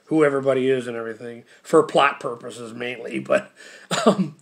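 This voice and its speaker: A man's voice: medium pitch, moderate pace. A man casually recapping a TV episode, laughing constantly and rambling with lots of fillers. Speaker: show reviewer.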